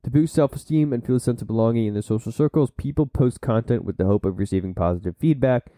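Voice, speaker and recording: A man's voice: medium pitch, quick pace, warm tone, no room sound. A man hosting a solo podcast, reading from sources and breaking off into blunt asides and silly put-on voices. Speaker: podcast host.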